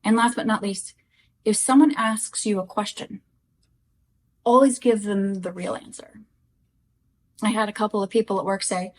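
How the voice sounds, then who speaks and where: A woman's voice: medium pitch, steady tone, moderate pace, long pauses. A middle-aged woman speaking candidly and earnestly to her viewers in a personal vlog, direct and heartfelt. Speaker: widow sharing grief lessons.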